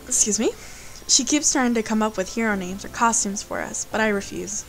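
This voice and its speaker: A woman's voice: mid-range voice, moderate pace, soft background music, poor audio. A woman hosting a let's play, reading a visual novel aloud and breaking off for playful, chatty asides.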